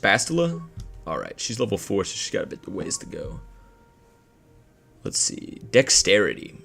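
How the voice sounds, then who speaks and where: A young man giving casual, rambling let's-play commentary with slang and jokes. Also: fairly low pitch. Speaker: gameplay commentator.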